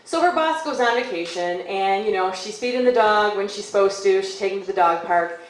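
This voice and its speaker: A young woman telling a story on stage at a café, casual and lively, acting out quoted lines with hushed asides. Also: mid-range voice, fairly quick. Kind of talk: live storytelling. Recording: echoey live room from far off.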